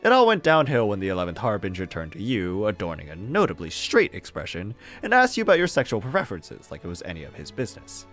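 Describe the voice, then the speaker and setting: A man's voice: lowish voice, wildly swooping pitch, fast, few pauses, a bit bright, faint music behind. A man streaming, reading fanfiction aloud in a casual way with amused, disbelieving asides and frequent laughter. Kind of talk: casual read-aloud with commentary.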